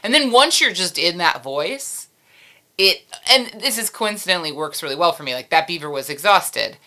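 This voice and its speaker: Bright low-pitched woman chatting animatedly. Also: moderate pace. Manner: animated, laughs often, trails off mid-sentence. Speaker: puppeteer guest. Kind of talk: casual interview chat.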